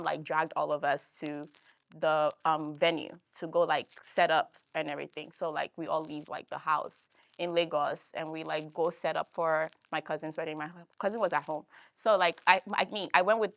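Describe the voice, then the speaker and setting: A young woman with a Philadelphia accent telling a personal story in a talk, animated and full of fillers, acting out the voices she quotes. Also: lowish voice, no echo. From United States. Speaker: guest speaker.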